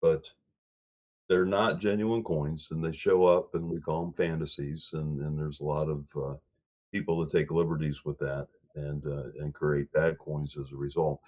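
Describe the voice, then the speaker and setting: Very deep-voiced man, halting panel talk. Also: flat delivery, a little mellow. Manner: halting, repeats words while thinking. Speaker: coin writer on a panel. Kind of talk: casual livestream discussion.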